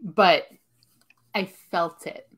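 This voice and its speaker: Lower-voiced woman thinking aloud. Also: drawn-out words, slightly rough. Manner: earnest, thinks aloud with many fillers. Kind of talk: casual chat.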